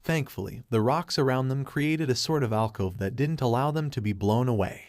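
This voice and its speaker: Guy reading fanfic out loud, even steady delivery, dead dry sound. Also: mid-range voice, normal speed, few pauses, no echo. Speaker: story narrator. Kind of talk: reading fan fiction aloud.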